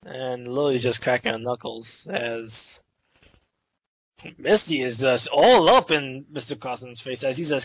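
A commentator calling a virtual wrestling show in casual play-by-play, excitable and swearing freely. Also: mid-range voice, breathy edge. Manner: excitable, swearing, quick asides.

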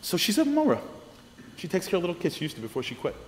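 A man speaking to a congregation, telling a story with animated shifts of voice as he acts out the people in it. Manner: lively, acts out the people in his stories with quick shifts of pitch. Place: synagogue hall. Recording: long reverb of a hall, faint noise.

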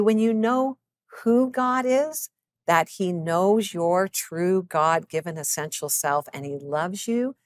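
Earnest woman reading a devotional, lower voice. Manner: slows down to read scripture passages with deliberate emphasis; earnest, encouraging address to the listener. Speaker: clinical psychologist and author.

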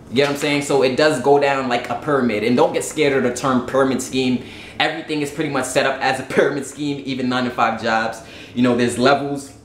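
A YouTube host with a Southern US accent explains a sales plan in a casual, blunt, salesy monologue, constantly asking "right?" and "you get what I'm saying." His voice is mid-range, and the room is echoey with a bit of hiss or hum.

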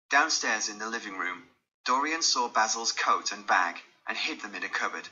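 A man narrating a graded-reader audiobook in a clear storytelling manner. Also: on the low side, moderate pace, sharp tone, dull audio.

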